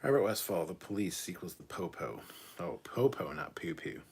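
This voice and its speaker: A man's voice: low-pitched, expressive, normal speed, gravelly, slightly rough. A man in his thirties from Canada, casually hosting a live stream, reading viewer comments aloud and reacting with laughs and swearing. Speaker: livestream host reading chat.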